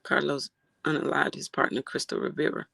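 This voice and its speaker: A livestream host reacting to a case and reading out chat comments, animated and outraged, swearing freely. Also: medium pitch, brisk, gravelly, no echo.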